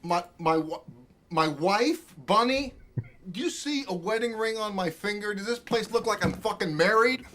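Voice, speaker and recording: A contemptuous thug, high and noisy. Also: male voice, expressive, moderate pace, fairly bright tone. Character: angry male thug shaking down a man.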